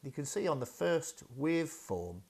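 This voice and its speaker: A man's voice: a little high, sing-song, moderate pace, gravelly. A man casually reviewing new audio gear at home, thinking aloud with lots of fillers and hesitations, recorded through a wireless radio mic in a dining room. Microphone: wireless radio mic under test.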